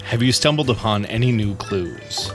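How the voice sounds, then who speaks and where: A man voicing a pompous, self-assured male detective in a lowered, slow voice. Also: animated, over music, close to an everyday voice.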